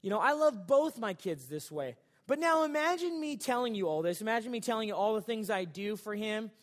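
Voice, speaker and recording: A man's voice: high voice, lively intonation, brisk, long reverb tail. A male pastor preaching a sermon in a church sanctuary, in a casual, joking, conversational way.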